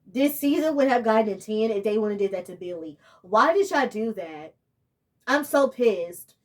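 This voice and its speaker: Young woman, emotional rambling vlogger, slightly high voice. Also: lively intonation, moderate pace. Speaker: TV show reviewer. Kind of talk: casual vlog review.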